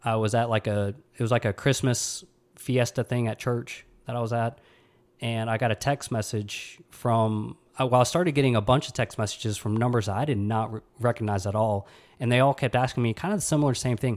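A man in his thirties from Mississippi, hosting a podcast and telling a personal story in a somber, halting way with many restarts. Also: medium pitch, darkish tone. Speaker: podcast host.

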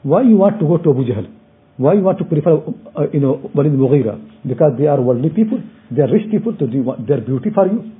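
A man delivers an earnest Quran commentary in a sermon style, often repeating and restarting his phrases. He speaks at a brisk, rushing pace. The audio is thin and tinny, like a phone line. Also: fairly high pitch, expressive. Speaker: Islamic scholar teaching tafsir.

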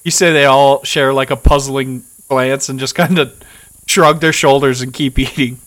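A man's voice: medium pitch, steady tone, normal speed, a bit bright, low-quality recording. Laid-back man running a tabletop game. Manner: laid-back, laughs while describing, swears casually. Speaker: game master.

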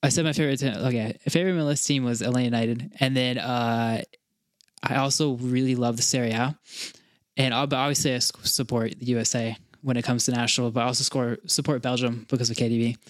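A young man from North Carolina co-hosting a podcast, chatting casually in an excitable, rambling way with lots of restarts and fillers. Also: mid-range voice, fast, no echo, clean studio sound. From North Carolina, USA. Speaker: podcast co-host. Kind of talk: casual chat.

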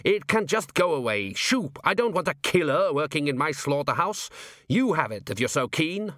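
A greedy, blustering butcher, played by a male reader, whose voice jumps high into squawks of outrage. He is pushy and indignant, recorded dry and up close. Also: very animated, normal speed, sharp tone, dry recording. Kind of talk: audiobook character voice.

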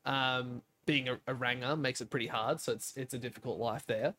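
A young man co-hosting a podcast, telling stories in a lively way, acting out quotes and swearing casually. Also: mid-range voice, fairly quick, a little hiss or hum. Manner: animated storytelling, acts out quotes. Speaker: podcast co-host, streamer.

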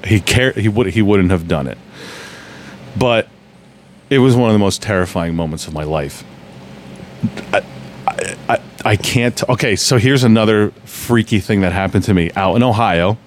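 A man's voice: fairly low pitch, normal speed, a little hiss or hum. A man telling stories in a casual podcast chat, rambling and restarting often.

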